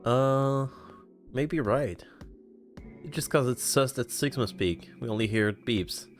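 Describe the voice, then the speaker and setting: A man's voice: mid-range voice, slow pace, soft background music. A man from Canada giving chatty let's-play commentary, laughing often as he reads the game and reacts. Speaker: gaming streamer.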